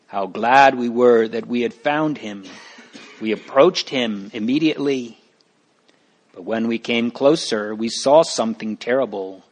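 Greatheart, a man reading as an earnest pilgrim leader. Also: medium pitch.

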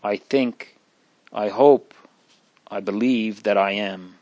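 A man reading the part of a dying young woman, faint, gentle and prayerful, in a story read aloud. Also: fairly low pitch, no room sound, dull audio. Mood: faint, devout. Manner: soft, slow, faint and prayerful. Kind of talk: reading aloud from a religious narrative.

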